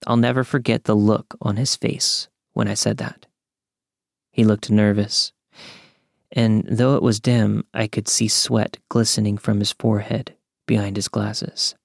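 A young man calmly narrating a true scary story from a script. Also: fairly low pitch, creaky, no echo, studio quality. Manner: calm, measured storytelling.

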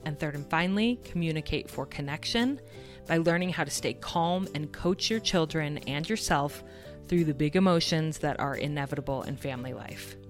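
A woman's voice: low-pitched, normal speed, soft background music. A woman in her thirties hosting a parenting podcast, telling a personal story in an earnest, reflective way. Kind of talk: scripted podcast monologue.

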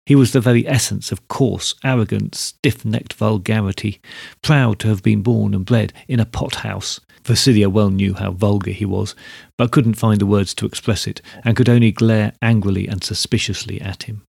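A man narrating a story in a steady, measured reading style. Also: fairly low pitch, vocal fry, husky, no echo, clean studio sound.

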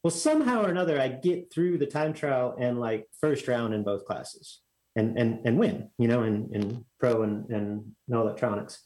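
A man's voice: medium pitch, moderate pace, a little mellow, poor audio. A man from Texas, telling a rambling story as a guest in a casual chat, full of fillers and restarts.

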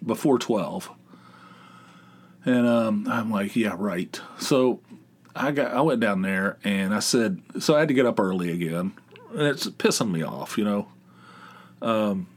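A man hosting his own podcast, talking casually in a loose, rambling way. He tells his story with heavy sarcasm and frequent swearing, and his voice sits at an ordinary middle pitch. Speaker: podcast host.

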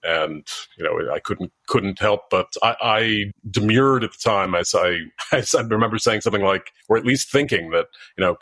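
Male guest, deep voice, dry sound, careful and hesitant delivery. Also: a bit bright, dry recording. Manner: measured, thoughtful, with frequent hesitations. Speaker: guest, former diplomat and author. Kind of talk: interview answers.

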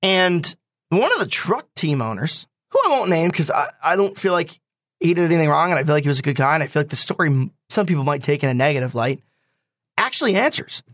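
A young man telling a personal story in casual talk, animated and quick to quote others. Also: on the high side, dry recording.

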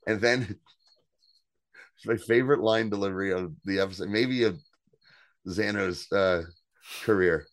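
A man with a lowish voice recaps a TV episode on a casual podcast, telling it with lively, animated energy. He acts out the characters' lines and swears freely. The sound is dry and close, with no room around it. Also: a little slow, pauses often, no echo. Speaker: podcast co-host.

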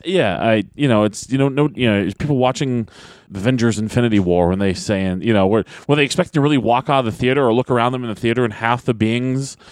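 A man's voice: medium pitch, fast talker, dry recording, clean studio sound. A man co-hosting a wrestling podcast, talking casually and swearing freely, mocking people with exaggerated voices. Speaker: podcast co-host and pro wrestler.

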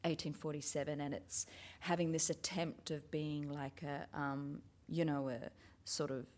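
An Australian woman talking about theatre in a lively casual chat. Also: low-pitched, unhurried. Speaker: actor, writer.

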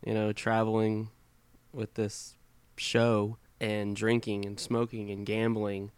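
A man in a podcast conversation with a smooth, low voice. He stays even and flat in pitch and talks in a thoughtful, measured way. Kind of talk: casual chat.

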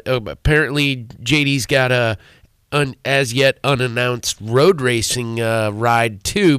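A man calling in to a radio show, asking a question with halting phrasing. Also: mid-range voice, fairly bright tone, smooth, dry recording, clean studio sound. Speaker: caller. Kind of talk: casual radio call-in.

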